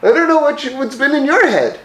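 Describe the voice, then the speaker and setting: A man plays God, fatherly and gently amused. The voice sits high and carries mild disbelief as it questions. A roomy echo hangs around it. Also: sing-song, fairly quick, heavily acted. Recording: echoey room.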